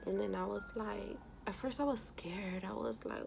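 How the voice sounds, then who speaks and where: There's a noisy background as a young woman vlogger tells a personal story while applying makeup. She rambles with frequent "you know" fillers and gets emotional and tearful at moments, speaking at normal speed in a gravelly, medium-pitched voice.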